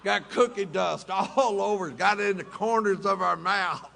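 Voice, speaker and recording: At a recovery meeting in a hotel ballroom, a man tells folksy, humorous stories and laughs along at his own jokes. His high voice is unhurried, creaky, pushed and bright, with a little hiss or hum on the recording.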